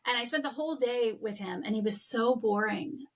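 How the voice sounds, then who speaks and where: Animated woman hosting a podcast. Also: on the high side, normal speed. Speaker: podcast host. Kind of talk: candid conversational interview.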